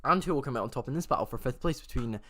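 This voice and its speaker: A man's voice: medium pitch, animated, racing, pushed and bright. A man hosting a race watchalong, giving live chatty commentary and often correcting himself mid-sentence.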